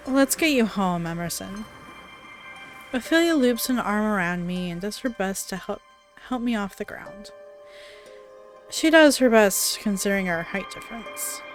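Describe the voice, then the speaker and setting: A woman playing a visual novel, reading the story aloud with dramatic narration and dropping into casual asides. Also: mid-range voice. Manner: dramatic read-aloud broken by chatty asides and laughs. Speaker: let's play player.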